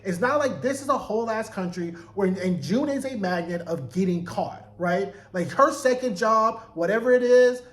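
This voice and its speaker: A man giving a chatty, animated recap of a TV episode, acting out the characters' lines. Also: high voice, normal speed, hardly any pauses. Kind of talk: casual recap commentary. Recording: echoey room.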